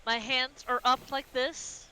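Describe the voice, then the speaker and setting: A woman playing a tabletop game, talking in a quick, excitable stammer. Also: high voice, clean tone, low-quality recording. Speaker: player.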